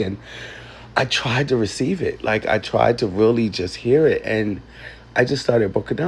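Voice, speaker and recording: A man telling a painful personal story, halting and emotional, close to tears. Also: lowish voice, vocal fry, slightly rough. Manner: emotional, halting, with many ums and likes. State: tearful. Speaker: vlogger.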